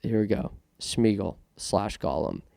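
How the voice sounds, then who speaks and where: A man's voice: fairly low pitch, lively intonation, a little slow, vocal fry, warm tone, no room sound, clean studio sound. A man from Canada hosting a casual podcast monologue, self-conscious and rambling with many restarts. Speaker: podcast host.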